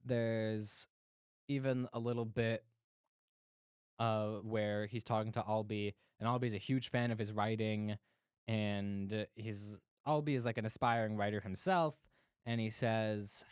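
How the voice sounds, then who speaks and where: A man's voice: on the low side, a little slow, smooth, dry recording, studio quality. A man co-hosting a casual movie review podcast, laughing often while he recaps the plot. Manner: animated, laughing recaps with playful put-on quotes. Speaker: podcast co-host.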